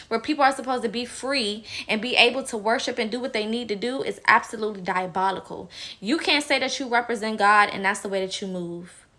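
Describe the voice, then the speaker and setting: A woman with a rather high, forceful, bright voice delivers opinionated vlog commentary. She talks bluntly and emphatically and swears freely when riled. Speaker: political commentator.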